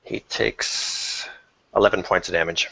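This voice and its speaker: Low-voiced man, halting tabletop player. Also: steady tone, vocal fry, bright, forceful tone, slight background noise. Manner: halting, many uh fillers. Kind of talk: playing a tabletop game. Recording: muffled lo-fi audio.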